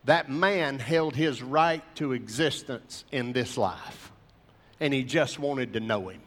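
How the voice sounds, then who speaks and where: A man, an earnest preacher telling a personal testimony to a gathering of men in animated storytelling fashion. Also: mid-range voice, in a large hall.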